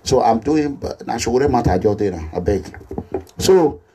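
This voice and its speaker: A man with a Nigerian accent making an impassioned social media appeal as a political activist, animated and repetitive, slipping into Pidgin English. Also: mid-range voice, normal speed, husky. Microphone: phone or camera selfie video.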